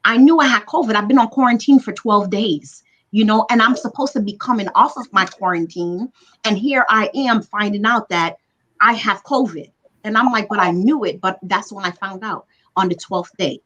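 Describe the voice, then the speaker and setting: An earnest woman recounts a frightening time in plain, heartfelt speech, leaning on repeated words to stress how bad it was. Her voice sits at an ordinary pitch and comes through a livestream video call. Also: normal speed, a bit bright, dull audio. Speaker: guest recounting her illness. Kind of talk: emotional personal storytelling.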